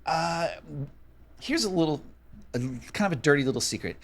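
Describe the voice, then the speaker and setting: A man's voice: fairly high pitch, animated, moderate pace, a little hiss or hum. A man co-hosting a casual podcast chat, reading out a list and riffing on it with blunt, offhand swearing. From Minnesota. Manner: swears casually, reads list items then riffs. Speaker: podcast co-host.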